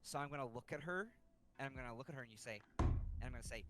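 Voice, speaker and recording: A man playing in a tabletop game who talks excitably and often stammers when he gets flustered. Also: medium pitch, rapid-fire, background noise. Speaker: player. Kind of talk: tabletop role-play banter.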